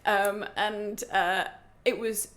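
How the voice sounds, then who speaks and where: A woman telling a story in casual podcast chat, animated and sweary. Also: mid-range voice, slow. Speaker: podcast guest.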